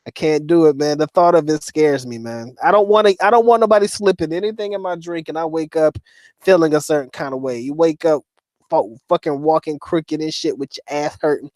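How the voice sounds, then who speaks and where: A man's voice: fairly high pitch, a little fast, darkish tone, dry recording. A man hosting a casual livestream, reading chat comments aloud and joking with heavy profanity and frequent laughter. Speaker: host reading live chat.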